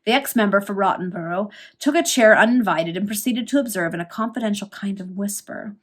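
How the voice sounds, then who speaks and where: A woman reading a Victorian serial novel aloud, storytelling with lively emphasis. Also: mid-range voice, brisk. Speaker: reader.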